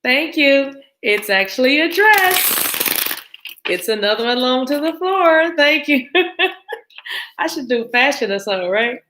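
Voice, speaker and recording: A woman's voice: sits high, animated, measured pace, sharp tone, slight background noise, poor audio. An American woman hosting a tarot live stream, chatting casually with viewers, greeting them and laughing often as she shuffles cards.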